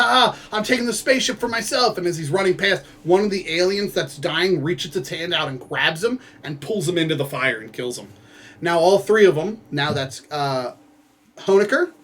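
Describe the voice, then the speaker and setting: A man's voice: on the high side, fairly bright tone. A young man casually summarizing a novel's ending, rambling with fillers and acting out characters and gunfire. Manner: rambling, lots of fillers and quick asides; acts out characters and gun sounds. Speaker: book reviewer.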